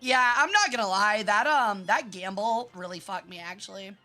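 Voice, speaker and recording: A young woman from Memphis chatting casually on a live stream while gaming, animated and quick to swear, laugh and shriek. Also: medium pitch, soft background music. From Memphis, US South. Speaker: vtuber streamer.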